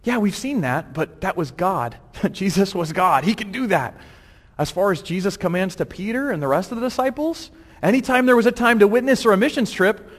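A man preaching a sermon in a lively, humorous way, acting out the scripture as he goes. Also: sits high, in a large hall. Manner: humorous, acts out quotes, animated.

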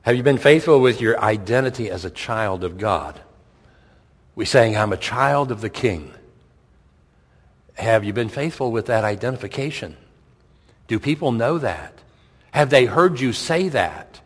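A man's voice: mid-range voice, lively intonation, normal speed, breathy edge. A middle-aged man, a pastor, preaching a sermon in a conversational way, firing rhetorical questions and repeating his points. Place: church sanctuary. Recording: long hall reverb.

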